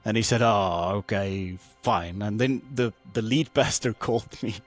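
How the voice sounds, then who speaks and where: Male guest, mid-pitched, recounts a personal story with animated quoted voices and loose fillers over faint music. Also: a little fast. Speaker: podcast guest.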